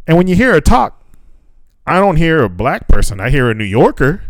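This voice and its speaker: A man's voice: mid-range voice, very animated, moderate pace, no room sound. A man co-hosting a podcast in loose, casual chat, swearing freely and laughing often. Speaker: podcast co-host.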